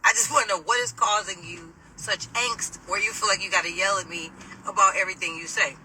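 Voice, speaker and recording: A middle-aged woman chats to camera from inside a car, animated and sassy and quick to laugh. Her voice is strikingly bright and cutting. A faint hum of traffic sits underneath. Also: medium pitch, distant mic, low-quality recording. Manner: animated, sassy, laughing, mimics people loudly. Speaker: vlogger telling a personal story. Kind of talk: casual storytelling to camera.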